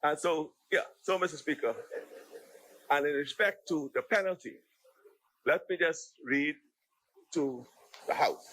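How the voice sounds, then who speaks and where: Husky-voiced Bahamian parliamentarian arguing. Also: male voice, on the high side, unhurried, long pauses, bright, forceful tone, rough recording. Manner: argumentative, frequent restarts and repeated words. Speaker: member of parliament. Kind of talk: parliamentary debate speech. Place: legislative chamber.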